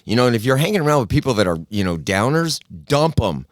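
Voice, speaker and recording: A man's voice: medium pitch, very animated, fast, dry recording, clean studio sound. A man hosting a podcast, telling a story in a folksy, casual way and acting out the people in it. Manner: folksy storyteller, acts out quotes, frequent restarts. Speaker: podcast host. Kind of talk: casual solo talk.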